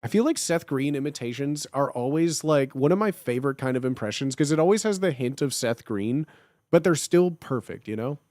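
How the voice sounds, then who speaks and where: A man's voice: mid-range voice, brisk, dry recording, studio quality. A young man in his twenties chatting casually and jokingly on a live stream, reading and answering chat. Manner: animated, jokey, slangy.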